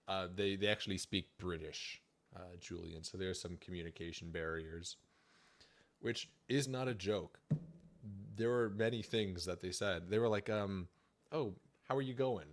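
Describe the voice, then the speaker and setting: A young man with a low, deep voice talks through a slideshow on a livestream. His delivery is chatty and jokey, loose and casual, with easy humor running throughout. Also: measured pace, long pauses. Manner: jokey, chatty, laughs often. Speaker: student presenter livestreaming.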